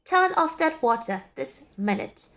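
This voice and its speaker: A woman's voice: fairly high pitch, very animated, a little slow, fairly bright tone, exaggerated voice. Woman doing a firm storybook hostess. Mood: stern.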